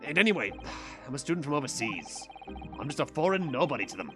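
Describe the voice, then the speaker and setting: A man's voice: medium pitch, big pitch swings, a little fast, close to an everyday voice. A man voicing an anxious, dejected young male foreign student accused of a crime, with game music playing behind. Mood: pleading. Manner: pleading, dejected.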